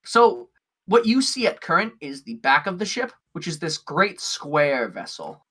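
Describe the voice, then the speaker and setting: A man's voice: fairly high pitch, big pitch swings, unhurried, pushed and bright, husky. A man narrating a tabletop game as game master, describing the scene in a rambling way with many fillers.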